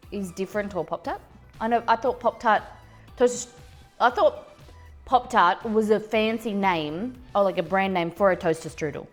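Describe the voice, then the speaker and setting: A woman hosting a casual live cooking stream, reading out viewer messages in a chatty, rambling way and laughing at her own slips. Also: mid-range voice. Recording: faint music in background.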